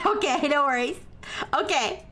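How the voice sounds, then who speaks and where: A woman live-streams a math problem, walking her chat through it step by step and asking "okay?" after each one, then growing apologetic when someone corrects her. Her intonation is lively, her pace measured and her tone sharp, and she calls herself highly caffeinated.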